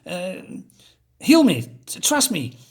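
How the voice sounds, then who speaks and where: A man's voice: high voice, wildly swooping pitch, slow pace, gravelly, a little mellow, husky, full character voice. A man voicing a pathetic male snake beast who whines and pleads, reading from a comic. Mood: pleading. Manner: whiny, pleading.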